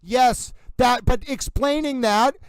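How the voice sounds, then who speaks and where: High-voiced man doing mock announcer patter. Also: slow, clear, resonant tone, dry recording, rough recording. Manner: mock horse-racing announcer delivery, theatrical. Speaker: livestream host. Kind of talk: comedic trial livestream commentary.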